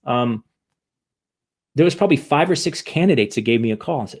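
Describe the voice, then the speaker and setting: A man guest on a podcast, telling a story in casual chat, lively, often acting out quoted voices and asking "right?". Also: mid-range voice, fast talker, gravelly, husky. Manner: animated, acts out quoted voices, frequent "right?".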